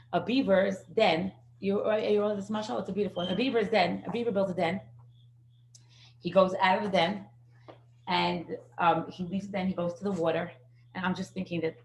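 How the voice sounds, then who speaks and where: A middle-aged woman teaching a parenting class, telling lively stories. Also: fairly low pitch, slight background noise. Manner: lively anecdotal storytelling. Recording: echoey room.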